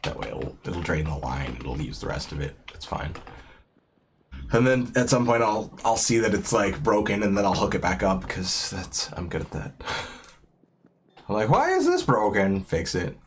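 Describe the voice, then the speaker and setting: A man's voice: sits low, lively intonation, moderate pace, slight background noise. A man streaming a game, rambling in a casual, self-deprecating way with lots of fillers. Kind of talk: casual gameplay commentary.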